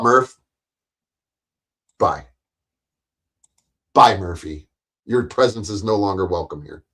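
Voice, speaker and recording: A man's voice: medium pitch, fairly bright tone. A man, hosting his own live stream and ranting at his audience in a profane, combative, mocking way. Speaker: livestream host.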